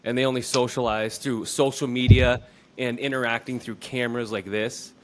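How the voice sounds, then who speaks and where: A man's voice: mid-range voice, fairly even intonation, moderate pace. A man talking casually as a podcast guest, laid-back, now and then mocking other people's voices. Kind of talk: casual chat.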